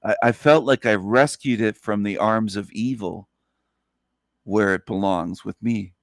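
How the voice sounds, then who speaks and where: A man talking slowly and earnestly in a solo monologue, sleepy after a night awake, repeating his phrases. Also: lowish voice, dry recording, studio quality. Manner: slow, earnest, repetitive phrasing. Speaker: channel host.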